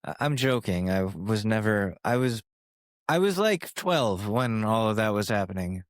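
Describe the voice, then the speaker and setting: A man's voice: on the low side, expressive, a little slow, dry recording. A man in his twenties hosting his own podcast, talking in a sarcastic, rambling and profane way on a studio microphone. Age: 20s. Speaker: podcast host. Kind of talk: casual solo podcast monologue. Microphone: studio microphone with compressor.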